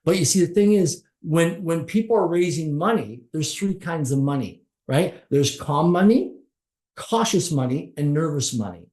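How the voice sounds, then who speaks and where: A man's voice: on the high side, expressive, normal speed, a little mellow. Emphatic middle-aged man, roomy echo. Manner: emphatic, stacks short repeated phrases. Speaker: podcast guest. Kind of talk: motivational storytelling in an interview.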